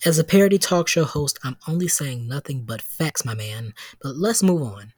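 A man hosting a scripted parody talk show in a deadpan, teasing manner. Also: a little high, moderate pace, husky, no echo. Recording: music and crowd laughter behind.

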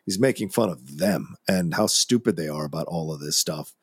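A man's voice: extremely low pitch, lively intonation, normal speed, breathy edge, no room sound, clean studio sound. A man co-hosting a film podcast, chatting casually in an easygoing, enthusiastic way. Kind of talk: casual chat.

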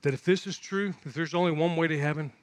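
A man's voice: a little high, fast talker. A male pastor preaching a sermon, moving from conversational storytelling to emphatic, repetitive exhortation.

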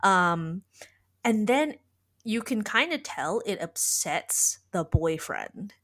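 A woman's voice: mid-range voice, animated, slow pace, fairly bright tone. A woman podcast host in casual chat, retelling a story in a rambling way full of "like.". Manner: rambling, heavy use of filler "like".

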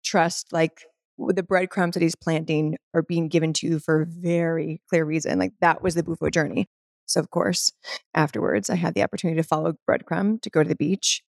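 A woman's voice: low-pitched, fairly even intonation, brisk, vocal fry, dry recording, clean studio sound. A woman guest telling an earnest, spiritual personal story in conversation, full of "like" fillers. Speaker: podcast guest.

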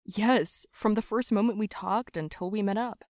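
A woman doing a gentle, soft-spoken young guy. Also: mid-range voice, normal speed, no room sound, clean studio sound, close to an everyday voice. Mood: tender. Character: shy young man, gentle plant lover.

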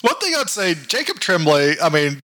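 A man's voice: on the high side, big pitch swings, normal speed, sharp tone. A man co-hosting a casual movie podcast, chatty and laughing often. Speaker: podcast co-host. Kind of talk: casual movie review chat.

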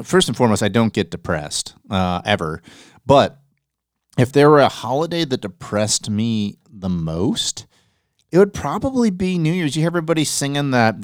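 A man in his thirties hosts a casual podcast, rambling through his stories and swearing freely. His voice is smooth and clear, and it sits close and dry on a studio mic. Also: mid-range voice, no echo. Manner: animated, swearing, rambling storyteller. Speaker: podcast host. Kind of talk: casual chat.

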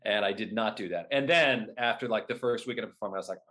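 Male guest, 30s, lower-pitched and lively, telling anecdotes in conversation. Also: fast. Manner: animated, acts out his own past remarks. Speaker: guest, whip performer at renaissance fairs. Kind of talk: casual interview storytelling.

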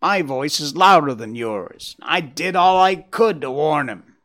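A man's voice: fairly high pitch, lively intonation, a little slow, fairly bright tone, pitched above the performer's own voice. A man doing a bitter scolding crow hen. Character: bitter loud female crow.

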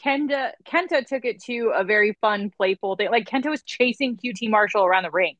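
A woman's voice: medium pitch, brisk, a bit bright, no room sound. A woman co-hosting a podcast in casual chat, chatty and giving emphatic opinions. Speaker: podcast co-host.

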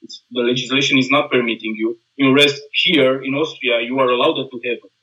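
A man from Romania with a Romanian accent, a combat instructor talking earnestly as a guest in halting, non-native English with many restarts. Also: mid-range voice, fairly even intonation, bright, forceful tone, dull audio. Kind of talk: casual conversation.

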